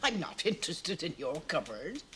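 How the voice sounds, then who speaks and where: A woman's voice: sits low, sing-song, moderate pace, fairly bright tone. An actress playing a blunt, touchy cleaning lady in a 1970s British TV comedy, recorded with faint hiss. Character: blunt older cleaning lady, prickly and proud. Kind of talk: 1970s British TV sitcom acting. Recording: old TV sound with faint hiss.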